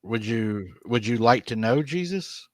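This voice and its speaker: A man's voice: mid-range voice, expressive, measured pace, dry recording. A man hosting a casual call, easygoing, asking plain questions. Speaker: host. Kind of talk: casual chat.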